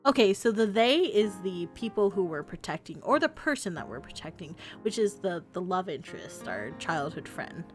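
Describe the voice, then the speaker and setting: A woman's voice: on the low side, big pitch swings, moderate pace, few pauses. A woman streamer chatting playfully and laughing often as she reads through a visual novel. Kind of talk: casual stream commentary while reading a visual novel. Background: faint music.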